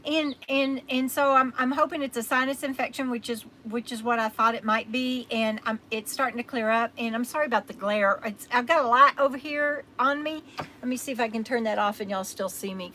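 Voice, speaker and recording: Tired and still getting over being sick, a livestream host with a Texas accent rambles casually and thanks her viewers by name. She talks a little fast in a slightly high, bright, forceful voice. The audio is poor, with a little hiss or hum.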